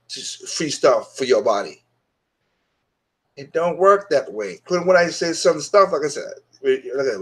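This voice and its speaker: A man hosting his own opinion show, talking bluntly and dismissively in a casual monologue that is full of restarts. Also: mid-range voice.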